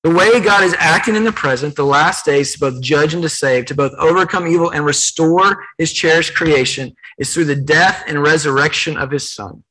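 A man's voice: fairly high pitch, normal speed, few pauses, pushed and bright, poor audio. A man preaching a sermon, earnest and emphatic, retelling scripture in his own words with repetition. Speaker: pastor.

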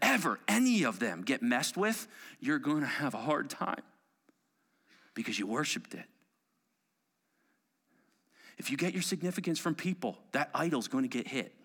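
A middle-aged man preaching from the pulpit with a high, bright voice. His pitch leaps around as he builds into declarations, then drops to a hush. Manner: emphatic preaching, swinging from loud declarations to hushed whispers. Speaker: pastor. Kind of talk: sermon.

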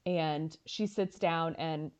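A woman co-hosting a podcast, retelling an episode in a lively, animated way with quick asides. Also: deep voice, clear, resonant tone. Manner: animated storyteller, quick asides and quoted lines. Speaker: podcast co-host. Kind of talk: casual chat, retelling an episode.

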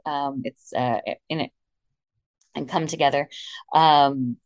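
A woman's voice: low-pitched, fairly even intonation, takes it slowly, no echo, dull audio. A woman in her thirties from the Philadelphia suburbs, a rabbi chatting in an interview with frequent fillers. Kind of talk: conversational interview.

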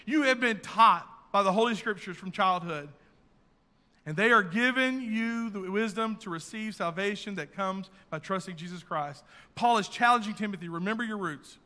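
A man's voice: high-pitched, sharp tone. A middle-aged man preaching a sermon, telling earnest family stories and building to fervent exhortation. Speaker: pastor. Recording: long hall reverb.

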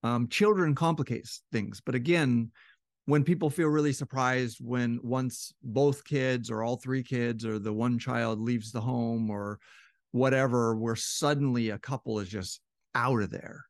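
A man's voice: mid-range voice, fairly even intonation, a little slow, no echo, clean studio sound. A man talking casually about relationships, often acting out quoted partners, his voice a little strained. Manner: conversational, acts out quoted couples with shifting voice. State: slightly strained voice. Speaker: relationship educator. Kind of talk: casual explanatory talk.

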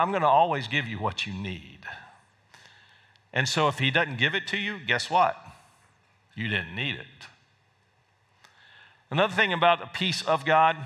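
Bright-voiced pastor preaching in a hall. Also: male voice, medium pitch. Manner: conversational preaching with frequent repeated words. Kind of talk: sermon. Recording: long reverb of a large hall.

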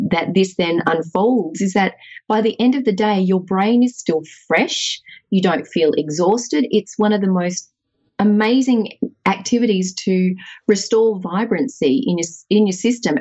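A woman calmly and earnestly explaining a wellness practice in casual conversation, often restarting her sentences. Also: mid-range voice, highs cut off. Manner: earnest, thoughtful, with frequent restarts. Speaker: guest sharing wellness practices.

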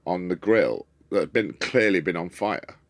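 A man's voice: sits low, normal speed, no echo. A man from Wales, telling stories as a guest in a casual chat and acting out the people in them. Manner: animated raconteur who acts out voices.

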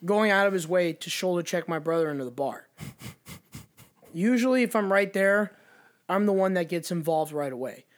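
A man telling a bar story in a casual chat, profane, animated and emphatic. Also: sits high, moderate pace.

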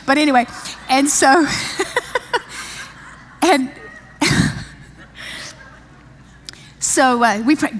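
A woman's voice: fairly high pitch, lively intonation, slow, long pauses, a bit bright. Chatty woman preacher in a reverberant hall. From South Africa. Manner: chatty, laughing often, many restarts. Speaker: pastor. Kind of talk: sermon with personal story. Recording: long reverb of a large hall.

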